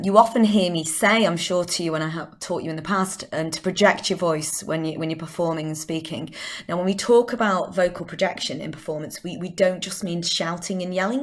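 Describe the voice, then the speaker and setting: A middle-aged woman teaching drama, leading a vocal warm-up with clear, encouraging instructions. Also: on the low side. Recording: echoey room.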